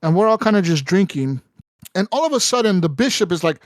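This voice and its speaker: A man hosting a casual podcast, telling a story animatedly with lots of swearing and "right?" fillers. His voice sits a little higher than average. The recording is dry and close. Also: animated, fairly quick, dry recording. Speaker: podcast host. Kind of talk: casual chat.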